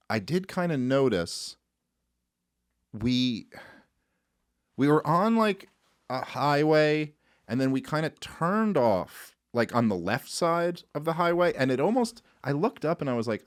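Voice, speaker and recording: Animated swearing man telling a story. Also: medium pitch, measured pace, long pauses, no room sound, clean studio sound. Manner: animated storyteller, swears freely, acts out his own panic. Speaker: podcast co-host. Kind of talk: casual podcast chat.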